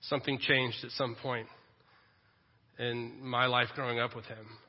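A middle-aged man preaching a sermon in a church, swinging between loud emphatic lines and soft tender ones. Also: mid-range voice, little pitch movement, unhurried, breathy edge. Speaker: pastor. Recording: echoey hall, dull lo-fi audio.

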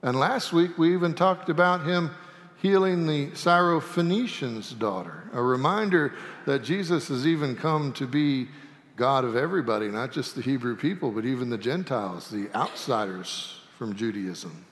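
A man preaching a sermon as pastor, folksy and animated, with humorous asides. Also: medium pitch, normal speed. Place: church sanctuary. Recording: long sanctuary reverb.

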